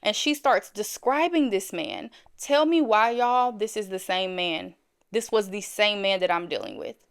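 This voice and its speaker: A woman with a smooth, resonant voice shares a personal story. She talks casually and straight to her viewers, repeating phrases for emphasis. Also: mid-range voice, a little slow. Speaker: storyteller host.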